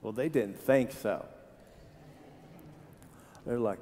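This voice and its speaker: A pastor preaching a sermon, animated and quizzing his congregation with questions. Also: a little high, normal speed, a little hiss or hum. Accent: Ohio. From Tennessee. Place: church sanctuary. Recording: church hall with long reverb.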